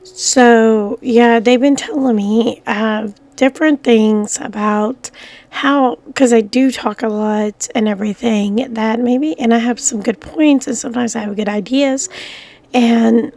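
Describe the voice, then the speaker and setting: A middle-aged vlogger, groggy after coughing, rambles casually to her viewers with plenty of fillers and restarts. Her voice is fairly high, gravelly, and a little mellow, with fairly even intonation and a slightly slow pace.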